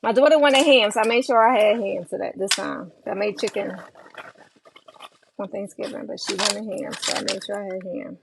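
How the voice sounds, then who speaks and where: Cooking dinner in her home kitchen, a woman livestreams by phone, chatting and reading out viewer comments and replying to them while pans and cutlery clatter in the background. Tired from lack of sleep, she speaks at normal speed in a mid-range, steady, creaky voice.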